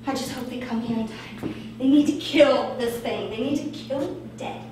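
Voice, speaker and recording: A woman's voice: a little high, normal speed, background noise, natural voice. A woman acting a terrified, melodramatic witness in a live stage monologue, gasping and repeating herself in panic. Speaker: stage actor in a comic monologue. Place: small theatre stage. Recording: echoey live theatre recording from far off.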